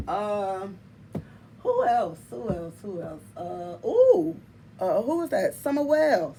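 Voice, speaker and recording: A woman hosting her tarot channel, chatting casually to viewers in an animated, emphatic way, laughing often and calling them y'all and honey. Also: medium pitch, a little slow, a little hiss or hum. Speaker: tarot reader and channel host.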